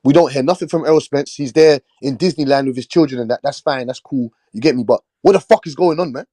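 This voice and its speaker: A man's voice: mid-range voice, fast talker, dark tone, no room sound. A man hosting a boxing talk show, ranting in a heated, swearing, repetitive way. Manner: fired-up, swearing, repeating himself. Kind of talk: heated casual rant.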